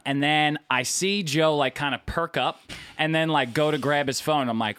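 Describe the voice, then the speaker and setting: A man's voice: on the high side, moderate pace, a bit bright, smooth, dry recording. Young man, podcast co-host, casual joking chat, storytelling, swearing, dry close sound.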